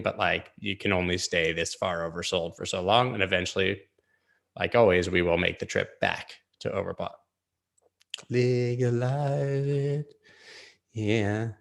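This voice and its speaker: A man's voice: low-pitched, vocal fry, a bit bright. A man hosting a live-streamed chart analysis, rambling casually with jokey asides. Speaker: crypto chart analyst host.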